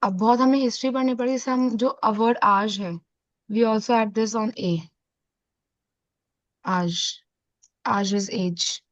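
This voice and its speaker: A woman's voice: on the high side, fairly even intonation, very fast, pauses often, no room sound. A woman teaching a French lesson, explaining step by step and mixing Hindi with English. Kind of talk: online class lesson. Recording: dull, dry, lo-fi audio.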